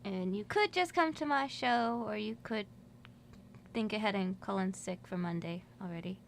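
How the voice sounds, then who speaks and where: A woman's voice: mid-range voice, moderate pace, slight background noise. A woman guest in a college radio studio, chatting casually in a rambling way and laughing often. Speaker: musician guest. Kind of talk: casual radio interview chat.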